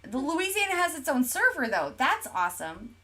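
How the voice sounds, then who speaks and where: A woman's voice: sits high, very animated, moderate pace, bright, forceful tone. A woman co-hosting a casual gaming podcast, chatting and reading viewer comments aloud with lots of fillers. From Oklahoma, USA. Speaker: podcast co-host. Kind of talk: casual chat while streaming.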